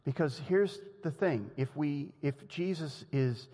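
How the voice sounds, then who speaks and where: A man preaching a sermon in a lively, conversational way, often laughing and acting out the quotes he tells. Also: on the high side, takes it slowly. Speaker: pastor. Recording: long hall reverb.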